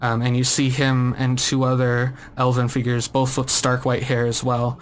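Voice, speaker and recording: A man in a relaxed, loose, filler-heavy way, narrating as game master of a tabletop game. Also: medium pitch, normal speed, soft background music.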